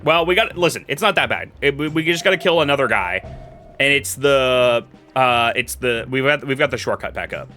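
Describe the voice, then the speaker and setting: A young man streaming a game live, his bright voice bouncing all over in pitch. He drops to quiet mutters, then bursts into loud yelling at his chat. Faint game music plays underneath. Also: animated, moderate pace. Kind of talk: live gameplay commentary.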